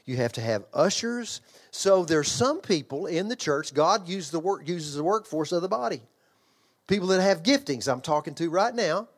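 An older man preaching a sermon in an emphatic, conversational way, repeating phrases, restarting lines and asking the congregation questions. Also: a little high. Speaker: pastor and children's ministry trainer.

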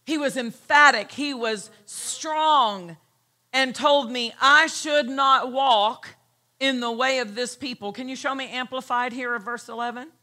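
A woman pastor preaching a sermon, emphatic and repeating her key phrases as she reads scripture slowly. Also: high voice, bright, forceful tone. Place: church.

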